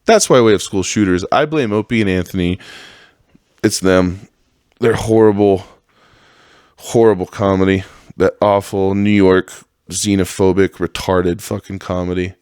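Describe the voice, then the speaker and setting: A deep-voiced podcast host rants casually, rambling in a profane, sarcastic way and laughing often. His darkish tone is clear and resonant, and the studio-quality recording has no echo.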